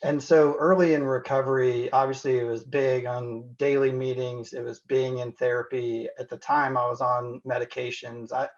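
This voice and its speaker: A man's voice: medium pitch, flat delivery, moderate pace, hardly any pauses, dull audio. A man from Indiana, a physician guest on a podcast, speaking candidly and reflectively with frequent "you know" and restarts. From Indiana, USA. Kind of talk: candid conversational interview.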